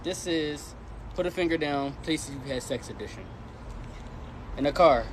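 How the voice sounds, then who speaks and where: A woman listing items one by one in a deadpan way. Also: deep voice, normal speed, a little hiss or hum.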